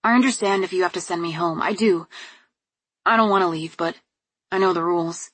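A woman doing a gentle earnest young man. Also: on the low side, fairly quick, slightly rough, no echo.

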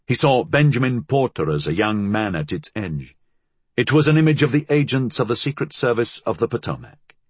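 A man reading a novel aloud as an audiobook narrator, telling the story in a measured, expressive way. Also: mid-range voice, slightly rough, no echo. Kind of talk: scripted narration.

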